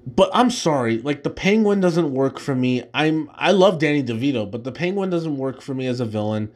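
A man's voice: mid-range voice, darkish tone. A man hosting a casual solo show, ranking films in a rambling way with restarts and easy laughs. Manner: rambling, many fillers and restarts, laughs easily. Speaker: host.

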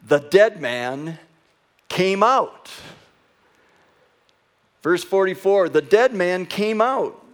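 A man preaching a sermon as pastor, reading scripture with wry asides and building to an excited, rising delivery. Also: medium pitch. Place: church sanctuary.

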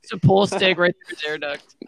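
A man's voice: high voice, fairly even intonation, brisk, creaky, a crowd in the background. A young man who is a podcast guest, telling rambling stories to friends, restarting and giggling as he goes. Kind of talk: casual storytelling with friends.

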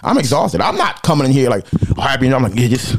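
A man co-hosting a podcast, blunt and animated, swearing freely as he talks. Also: medium pitch, fast, background noise. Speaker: podcast co-host. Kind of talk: casual podcast chat.

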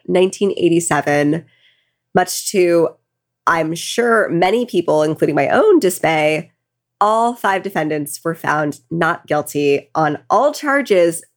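A tipsy woman co-hosting a podcast, retelling a true crime case casually with angry asides. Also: lowish voice. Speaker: podcast co-host.

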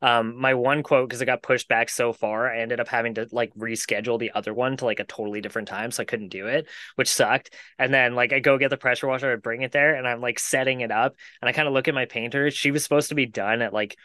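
A man's voice: mid-range voice, steady tone, quick pace, hardly any pauses, bright, forceful tone, no room sound. A man, co-hosting a podcast and telling a long casual story to friends, swearing freely and laughing as he goes. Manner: rambling with many "like" fillers. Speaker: podcast co-host.

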